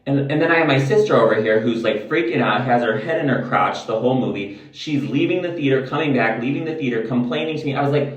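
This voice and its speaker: A man's voice: medium pitch, fast, few pauses, highs cut off. A man vlogging in a candid, rambling way, swearing freely as he chats to the camera. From United States. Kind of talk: casual chat to camera. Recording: roomy, mic at a distance.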